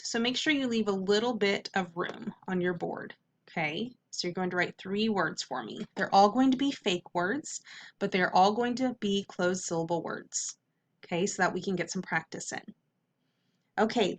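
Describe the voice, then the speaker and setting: A woman teacher leading a phonics lesson for kids, patiently drilling the vowels and slowly sounding out syllables. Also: mid-range voice. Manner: patient, repetitive classroom drills.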